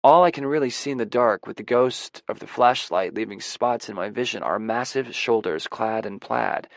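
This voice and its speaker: A man narrating a first-person audiobook in a measured, introspective way. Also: medium pitch, creaky, no echo. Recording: dry close audiobook recording.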